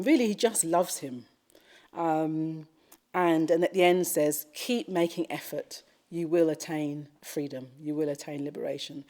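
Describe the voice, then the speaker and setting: A woman with a British accent giving a retreat dharma talk as a Buddhist teacher, telling a story gently and reflectively. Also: fairly low pitch. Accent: British English. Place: retreat hall.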